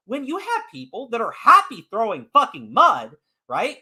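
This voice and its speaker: A man on a podcast, ranting hard and swearing often. His pitch swings widely from line to line, and his voice has a bright, forceful edge. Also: huge pitch swings, moderate pace, slightly rough. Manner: profane, heated and emphatic. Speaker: podcast host. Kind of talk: ranting commentary.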